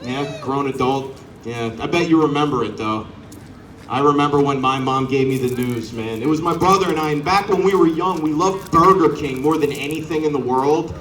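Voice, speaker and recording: Animated male stand-up comic, high bright voice. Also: normal speed, echoey room, distant mic, slight background noise. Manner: animated, teasing the crowd, acting out characters. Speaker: stand-up comedian. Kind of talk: stand-up comedy set. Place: outdoor show on a front lawn. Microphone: corded handheld mic.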